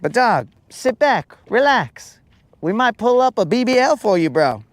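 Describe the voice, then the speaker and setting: A man's voice: sits high, very animated, unhurried, dry recording. A man hosting a fishing show, joking around casually on a boat and calling people bro and dog. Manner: slangy, joking, keeps saying bro and dog.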